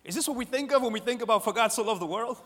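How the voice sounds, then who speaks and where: Male preacher, bright and high-pitched, emphatic and then hushed in turns, sermon recorded in a reverberant sanctuary. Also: very fast. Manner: repetitive, swings between loud emphasis and soft hushed lines. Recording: long hall reverb.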